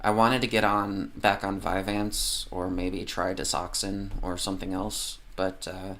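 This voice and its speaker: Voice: sits low, level tone, measured pace, a bit bright. A livestreamer ranting casually about politics, heavily profane and rambling, often losing the train of thought.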